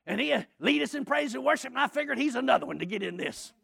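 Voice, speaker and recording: A preacher tells a story in his sermon with gusto, often breaking into shouts. His voice is gravelly and forceful, with a husky edge. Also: extremely high pitch, quick pace. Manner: animated, often shouting and laughing while telling a story.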